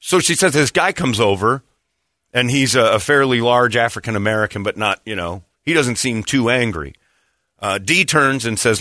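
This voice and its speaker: A man's voice: moderate pace, dry recording, clean studio sound. A man telling a story in casual chat, acting out the people he quotes. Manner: animated, acts out quotes with raised pitch.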